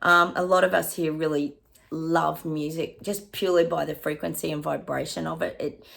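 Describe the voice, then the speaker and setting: A middle-aged woman with an Australian accent, a psychic giving a chatty reading to her viewers, often pausing to say hang on and laughing. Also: low-pitched, little pitch movement, vocal fry, a bit bright. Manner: laughs often and hums snatches of songs.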